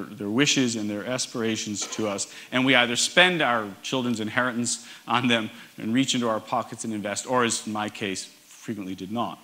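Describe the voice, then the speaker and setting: A middle-aged man speaks from a conference stage with a bright, forceful tone. He tells wry stories and builds his points with lively emphasis. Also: medium pitch. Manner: wry storytelling, animated emphasis. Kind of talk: conference talk. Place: large concert hall stage.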